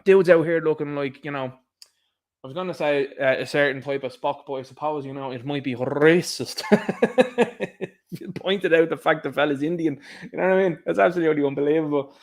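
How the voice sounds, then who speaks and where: Irish male commentator, higher-pitched, sarcastic and lively, casual solo rant. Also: brisk. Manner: animated, sarcastic, laughs at his own jokes. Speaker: political commentator. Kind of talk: casual political monologue.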